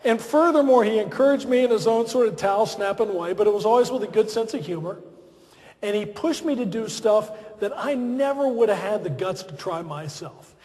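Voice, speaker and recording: High-voiced man telling funny stories. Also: a little fast. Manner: self-deprecating, lively storytelling. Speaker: after-dinner speaker. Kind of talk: humorous anecdotal speech. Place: large banquet hall. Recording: reverberant banquet hall.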